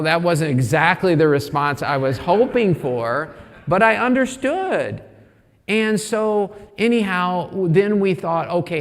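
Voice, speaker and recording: A man's voice: fairly high pitch, gravelly. A man giving a church talk, telling a candid, self-deprecating personal story and acting out his own panicked thoughts. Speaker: speaker at a church service. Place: church sanctuary. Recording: long hall reverb in a church.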